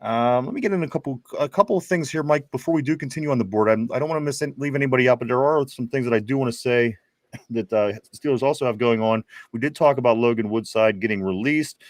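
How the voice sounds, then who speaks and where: A chatty host, reading viewer comments aloud for a casual sports talk show. His voice sits at a middling pitch for a man and often stumbles into restarts. The sound is dry and close. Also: fast talker, no room sound. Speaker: podcast host.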